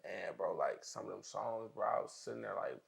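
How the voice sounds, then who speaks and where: A young man who shoots videos, chatting casually in slang, relaxed and at times animated. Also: fairly low pitch, brisk, gravelly. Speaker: video director. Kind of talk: casual chat.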